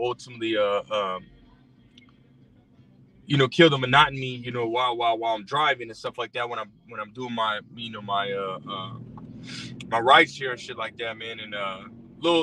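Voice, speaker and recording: A man's voice: medium pitch, bright, forceful tone. A man who drives for a rideshare service, ranting bluntly and profanely about scripture, packed with fillers and repeats. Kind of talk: casual religious rant. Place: in a car. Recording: distant mic with faint car noise.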